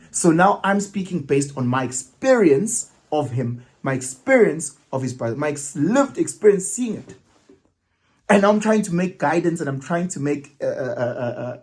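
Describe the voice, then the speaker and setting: A man's voice: on the high side, darkish tone, husky. A man, talking through a reflective personal monologue and slipping local words into his English as he thinks aloud. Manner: musing, mixes isiZulu words into English, hesitant restarts. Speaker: vlogger.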